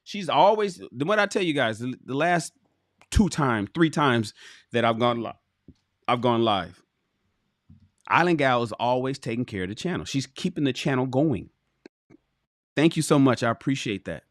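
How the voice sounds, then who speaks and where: A man hosting a livestream reads from a relationship book at a moderate pace, pausing often, in a mid-range voice. The studio-quality audio has no echo, and he frequently breaks off into animated, profane, emphatic commentary directed at his chat.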